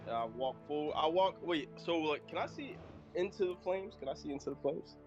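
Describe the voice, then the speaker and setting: A man's voice: on the high side, expressive, brisk, lo-fi sound, over music. A man playing a tabletop game who talks hesitantly, stopping and restarting with many fillers. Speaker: player.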